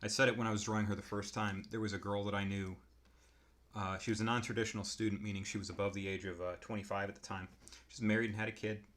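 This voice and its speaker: Narrating casually while he sketches, an artist demonstrates character design, musing aloud at a relaxed pace. His voice is on the low side and a bit bright, with little pitch movement.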